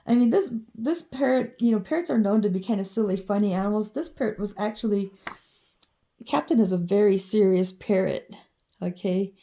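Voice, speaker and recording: A woman's voice: medium pitch, a little fast, dark tone. A woman vlogging in a casual, meandering monologue full of ums and you-knows as she shows her drawings.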